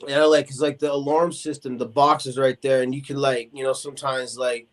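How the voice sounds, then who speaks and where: A medium-pitched, brisk voice belongs to this podcast guest in his forties. He tells a lengthy story in relaxed talk, animated throughout, acting out quoted voices amid plenty of fillers.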